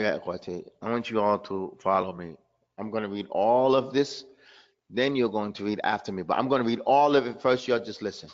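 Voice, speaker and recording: Male teacher, slightly high voice, unhurried delivery, repeats syllables to demonstrate, dull online class sound. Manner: chuckles at his own trick questions. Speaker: Quran recitation teacher.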